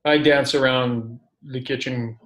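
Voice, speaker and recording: A man in casual conversation as a podcast guest, a sports broadcaster by trade. He tells stories with animated energy and pokes fun at himself, at a mid-range pitch. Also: slow pace, low-quality recording. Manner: animated, self-deprecating storyteller. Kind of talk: casual interview chat.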